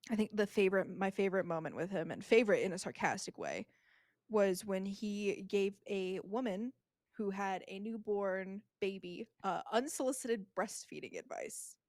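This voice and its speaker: A woman's voice: mid-range voice, normal speed, a little mellow, no echo, clean studio sound. A young woman co-hosting a podcast in casual chat, sarcastic and full of slang, often laughing. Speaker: podcast co-host.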